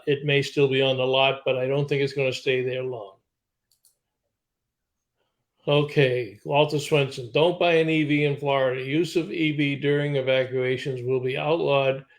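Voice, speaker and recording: A man's voice: medium pitch, flat delivery, normal speed. Chatty man hosting a live show. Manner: rambling, reads viewer comments aloud with many fillers. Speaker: show host. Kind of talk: casual chat.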